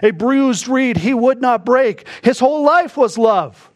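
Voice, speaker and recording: A man preaching a sermon, moving between quiet, hushed reflection and sudden bursts of emphasis. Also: very high voice, expressive. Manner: slow, reflective preaching that drops to a hush and rises to bursts of emphasis. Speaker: pastor.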